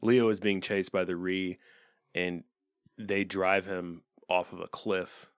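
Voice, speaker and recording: A man with a very low voice co-hosting a casual movie podcast, easygoing and quick to laugh. He is recorded close up in a dry room. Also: flat delivery, smooth, no room sound. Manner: laid-back, laughs often, chimes in. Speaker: podcast co-host. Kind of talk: casual movie recap chat.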